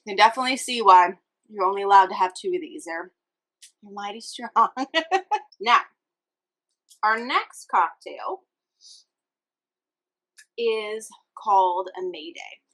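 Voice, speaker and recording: A young woman from Louisiana with a clear, bright voice hosts a relaxed cocktail-making show. She chats cheerfully to the viewer while she works. She sounds like she is in a home kitchen. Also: mid-range voice, unhurried, long pauses, low-quality recording. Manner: chatty and upbeat, talking to the viewer while mixing. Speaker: cooking show host. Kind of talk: casual cocktail demonstration.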